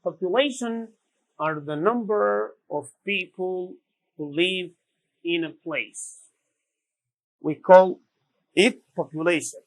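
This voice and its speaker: A man teaches English vocabulary in a slow, measured classroom style. His voice sits a little high for a man, and he says each word again and again with care. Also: a bit bright, poor audio. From Sudan. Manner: repeats each word slowly and deliberately.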